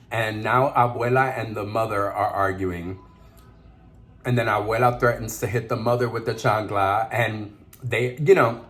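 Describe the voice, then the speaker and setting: A man's voice: mid-range voice, a bit bright. A man vlogger eating on camera while telling a story, chatty and laughing, mixing in Spanish words. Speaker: mukbang vlogger.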